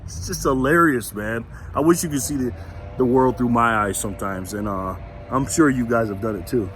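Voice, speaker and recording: A man's voice: mid-range voice, moderate pace, fairly bright tone, faint music behind. A man vlogging in a casual storytelling rant, defiant and confrontational, retelling a run-in with laughs along the way. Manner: defiant, confrontational, says so himself.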